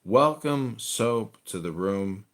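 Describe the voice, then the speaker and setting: A man's voice: fairly low pitch, animated, slow pace. A man hosting a podcast, trading crude, mocking and profane banter with a caller. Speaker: podcast host.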